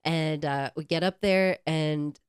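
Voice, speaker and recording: A young adult woman co-hosting a podcast, telling a travel story in animated, casual chat and swearing freely. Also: sits low, takes it slowly, smooth, no room sound, studio quality. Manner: animated storyteller who swears and acts out quotes. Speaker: podcast co-host.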